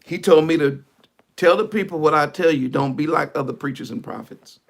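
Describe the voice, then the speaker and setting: A man's voice: on the high side, fairly quick, creaky. A male preacher giving a fiery, colloquial online sermon, reading scripture and preaching it.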